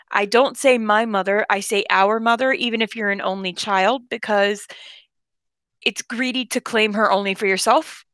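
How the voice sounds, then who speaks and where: Blunt, joking woman with a bright voice. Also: medium pitch, dry recording. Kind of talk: casual chat.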